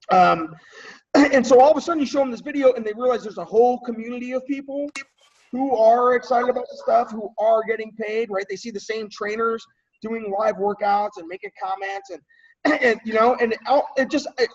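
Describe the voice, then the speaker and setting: A man leading a team training call in a casual coaching style, checking in often with his listeners and clearing his throat now and then. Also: high-pitched, recorded from a distance. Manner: conversational, checks in often with "right?" and "okay?". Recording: dull lo-fi audio from off-mic.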